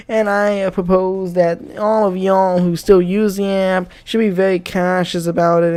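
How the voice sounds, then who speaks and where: A young YouTuber with a high-sitting, darkish voice delivers a comedic rant commentary. He swears and stays sarcastic the whole way through.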